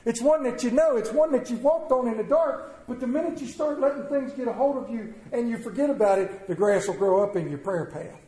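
A man preaching a sermon, telling stories and swinging between quiet and loud delivery. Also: extremely high pitch, brisk, few pauses. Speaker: pastor. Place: church sanctuary. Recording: roomy church echo.

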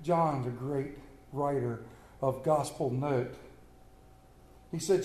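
A man's voice: mid-range voice, takes it slowly, long pauses, echoey room, rough recording. A man preaching a sermon, telling stories by turns tenderly and with humor. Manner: storytelling, shifts between hushed tender reading and lively humor. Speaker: pastor.

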